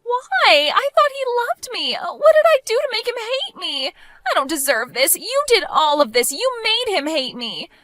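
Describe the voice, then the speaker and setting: A woman voicing an entitled, self-righteous young woman who talks in a shrill, indignant, whiny way, as scripted story voice acting. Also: wildly swooping pitch, normal speed, pushed and bright, no echo, heavily acted. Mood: distraught.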